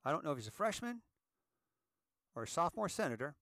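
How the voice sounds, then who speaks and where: Host, male, fairly high voice, impassioned, tired, restarts a lot, dry sound. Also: big pitch swings, quick pace, fairly bright tone, dry recording. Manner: impassioned, repeats words, stumbles over restarts. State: tired from a sleepless night. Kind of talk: emotional solo commentary.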